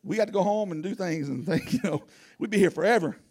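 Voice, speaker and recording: A man preaching a sermon outdoors in a folksy, animated way with casual grammar. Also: high voice, fast. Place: outdoors, wind blowing.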